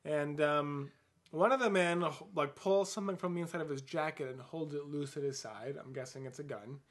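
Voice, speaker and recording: A man's voice: fairly high pitch, fairly quick. A man co-hosting a podcast, animatedly retelling an adventure book in casual chat, laughing often. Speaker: podcast host.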